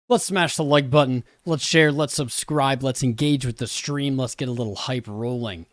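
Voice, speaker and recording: A man's voice: mid-range voice, moderate pace, few pauses, no echo, studio quality. A young man hosting a crypto livestream in loose, slangy commentary full of hype, sounding tired after being up for hours. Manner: hype-driven, slangy, rambling. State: tired from a long day.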